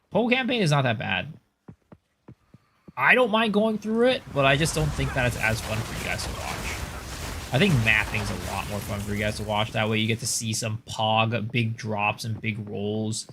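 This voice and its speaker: A man's voice: fairly low pitch, a bit bright, slight background noise. A man streaming a game, casually commenting, joking and answering his viewers as he plays.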